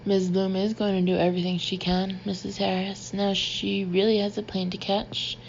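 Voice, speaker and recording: A woman voicing a tactful man who speaks gently in an audiobook. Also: mid-range voice, flat delivery, normal speed, creaky, highs cut off, a little hiss or hum, natural voice. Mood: gentle.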